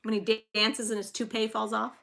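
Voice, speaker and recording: A woman's voice: on the high side, little pitch movement, fairly quick, gravelly, bright, forceful tone. A woman in her thirties hosting a casual live-stream trivia game, chatty and giggly, telling little stories between questions. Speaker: livestream trivia host and mother.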